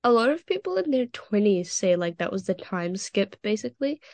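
A woman's voice: mid-range voice, sing-song, fairly quick, a little mellow, no echo. A teenage girl co-hosting a casual podcast with friends, telling stories animatedly and acting out the people she quotes. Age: teens. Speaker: podcast co-host. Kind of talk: casual chat among friends.

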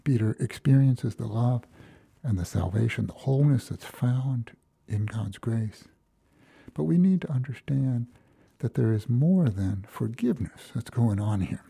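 A man's voice: medium pitch, animated, unhurried, vocal fry, dark tone, slightly rough, no room sound. A man from Minnesota preaching a reflective, storytelling sermon as a pastor, acting out the quoted lines.

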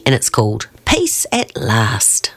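A woman radio presenter reading a children's bedtime story aloud, expressive and slow, adding playful sound effects. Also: rumbling low.

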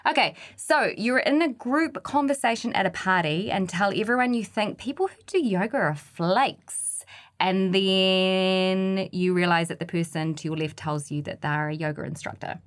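A woman's voice: medium pitch, moderate pace. A woman co-hosting a podcast, reading out examples and reacting with short exclamations. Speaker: podcast co-host. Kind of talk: casual chat.

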